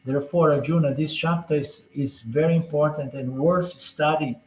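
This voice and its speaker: A man's voice: on the high side, moderate pace. A man teaching a scripture class in a conversational lecture style. He tosses in "you know?" and light jokes as he explains. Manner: chatty, peppers points with "you know?" and jokes. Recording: roomy echoey room.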